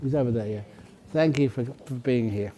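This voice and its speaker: A Buddhist monk leading a ceremony, calling out names in a casual, joking way and laughing between them. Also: male voice, mid-range voice, moderate pace, mellow, slight background noise. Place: large hall.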